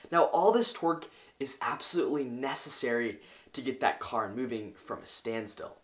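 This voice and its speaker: A young man hosting a science video, explaining in an eager, enthusiastic way. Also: mid-range voice. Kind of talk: educational explainer.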